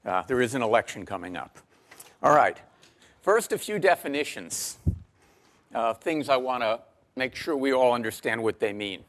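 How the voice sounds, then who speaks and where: Male lecturer, mid-pitched, dry wit, measured delivery with ums, lapel mic in a lecture hall. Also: expressive, fairly bright tone. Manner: dry humor, measured, frequent ums and uhs. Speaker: university lecturer. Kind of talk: classroom lecture.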